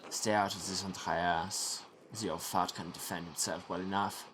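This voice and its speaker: A man's voice: low-pitched, little pitch movement, moderate pace, noisy background, lightly acted. A man voicing a rude, mocking young monk with a Leicester English accent. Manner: brash, insulting.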